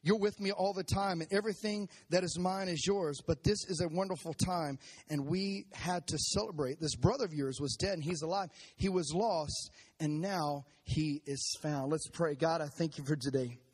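A male pastor giving a sermon at a church service, animated and prompting his congregation to repeat lines back to him. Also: sits high, moderate pace, husky. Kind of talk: sermon with congregation call-and-response.

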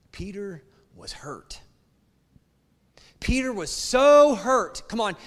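A man preaching a sermon in an emphatic, conversational way and often appealing directly to his listeners. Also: high-pitched. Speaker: pastor. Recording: long reverb of a large hall.

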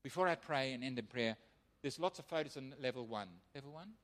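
A man's voice: medium pitch, fairly quick. Preaching man in a reverberant hall. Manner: animated storyteller acting out quoted voices. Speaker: missionary pastor. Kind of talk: sermon testimony.

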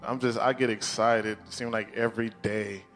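Pastor, male, emotional and excitable sermon, faint music underneath. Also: fairly low pitch, moderate pace, big-room sound. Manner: emotional, excitable, laughs often.

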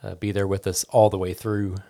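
A church staff member chatting earnestly and easily on a podcast recorded in an office studio. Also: male voice, deep voice, level tone, a little fast, gravelly, warm tone, no echo. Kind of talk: casual church podcast chat.

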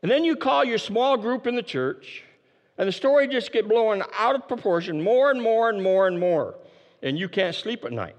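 A man preaching a sermon, emphatic and repeating his key phrases, dropping his voice low to stress a point. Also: animated, normal speed, big-room sound, lo-fi sound. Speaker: pastor.

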